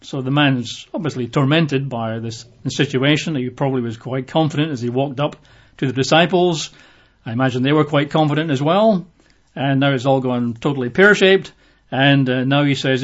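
A man's voice: medium pitch, normal speed. Conversational male preacher, lo-fi sound. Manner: conversational, acts out quoted voices. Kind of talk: sermon. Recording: dull lo-fi recording.

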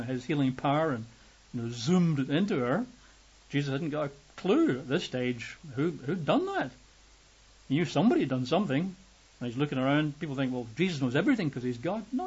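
In a conversational sermon, a man reads scripture and explains it, acting out the quoted voices with a rising pitch. His voice is a little mellow with a breathy edge, and the highs are cut off.

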